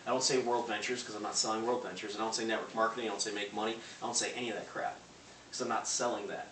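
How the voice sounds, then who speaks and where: A man giving a loud, punchy sales pep talk to a live audience, acting out phone calls. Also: lowish voice, flat delivery, racing. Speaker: motivational speaker. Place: large room before a live audience. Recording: echoey hall from far off, faint noise.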